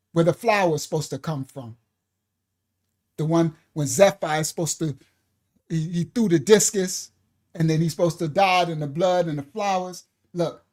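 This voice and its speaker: Reading from slides during a livestreamed Bible-history lesson, this ministry teacher speaks at medium pitch and keeps turning to viewers with excited asides. Emotion runs high; the teacher breaks into laughter and apologizes.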